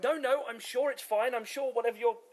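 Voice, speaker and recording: A man's voice: extremely high pitch, steady tone, a little fast, pitched above the performer's own voice. A man voicing a flustered town mayor who hesitates and fusses over his words. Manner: hesitant, fussing.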